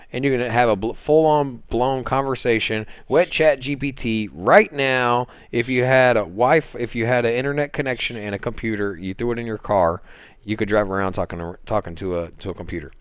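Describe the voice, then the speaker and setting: A man's voice: on the low side, normal speed, smooth, no room sound. A man hosting a casual crypto livestream, rambling along with lots of fillers and restarts. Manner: rambling, laid-back, many fillers and restarts. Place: home, on a Sunday livestream.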